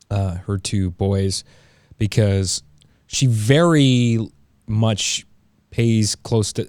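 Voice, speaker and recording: A man co-hosting a casual podcast discussion who talks in a thoughtful, halting way and often restarts his words. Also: fairly low pitch, a little mellow, dry recording. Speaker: podcast co-host.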